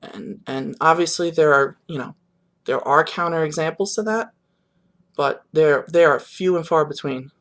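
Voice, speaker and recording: A man's voice: fairly high pitch, normal speed, fairly bright tone. A young man vlogging his reaction to the games in a rambling, subdued, disappointed way, with many fillers and restarts. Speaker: sports vlogger. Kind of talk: casual reaction monologue.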